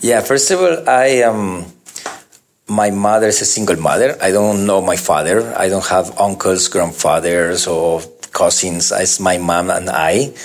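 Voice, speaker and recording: A man telling his life story in an interview, speaking halting, broken English full of restarts and acting out the people he talks about. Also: low voice. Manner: lively, acts out the voices of people in his stories.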